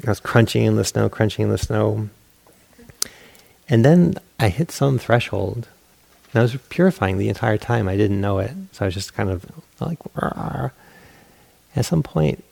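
Gravelly man giving a dharma talk. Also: lowish voice, normal speed, mellow. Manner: candid, self-mocking storytelling with acted-out inner voices. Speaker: meditation teacher. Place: meditation hall.

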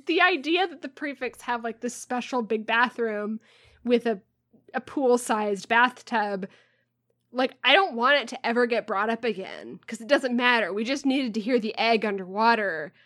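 A woman's voice: fairly high pitch, normal speed, fairly bright tone. A woman co-hosting a podcast in casual chat, wry and laughing, swearing now and then. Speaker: podcast co-host.

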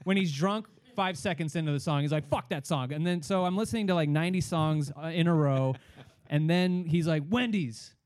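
A man's voice: fairly high pitch, fairly quick, no echo. A young man, a stand-up comedian, telling a story in casual chat and acting out other people's voices. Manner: animated, acts out other people's voices, swears a lot.

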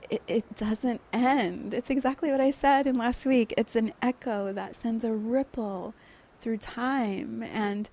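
A woman hosting a podcast, softly and emotionally telling a personal story about a guided meditation. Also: on the high side. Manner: soft, emotional, often laughing through tears. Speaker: podcast host.

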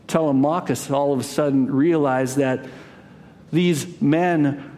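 A man preaching a sermon, telling a story dramatically, rising to loud cries and dropping to a hush. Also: fairly high pitch, steady tone, takes it slowly. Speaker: pastor.

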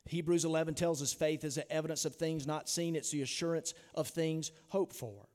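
Male pastor, emphatic sermon delivery, slightly high voice, long church-hall reverb. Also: steady tone, a little fast, darkish tone. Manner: earnest, emphatic preaching with rhetorical questions. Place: church sanctuary.

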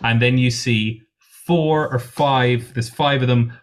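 A man's voice: mid-range voice, steady tone, takes it slowly. A man running a tabletop game as game master, rambling with many restarts and fillers. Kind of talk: narrating a tabletop game, casual banter.

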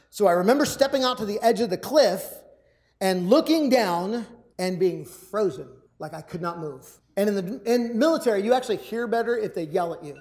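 High-voiced man telling a story. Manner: animated storyteller who acts out quoted shouts, repeats words. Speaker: public speaker. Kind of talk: motivational storytelling talk to a live audience. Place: room with a live audience.

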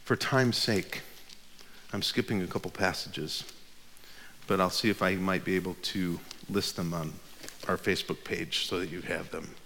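A male pastor preaching a sermon, moving between hushed, whispered passages and loud, fervent preaching. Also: sits low, fairly even intonation, normal speed, long reverb tail, a little hiss or hum.

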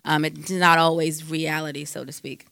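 A woman with a bright, forceful voice and a somewhat low pitch talks through faith-based advice as a counselor. She is conversational, quotes scripture and leans on fillers. The sound is dry and close. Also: level tone, normal speed, creaky, dry recording.

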